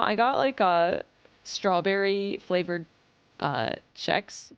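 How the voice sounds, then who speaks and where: A woman's voice: mid-range voice, lively intonation, slow pace, no echo. Woman streamer just chatting, swears a lot, reads chat out, kinda muffled dry mic. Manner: chatty, swears often, reads chat aloud, acts out customers. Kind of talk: casual chat with viewers.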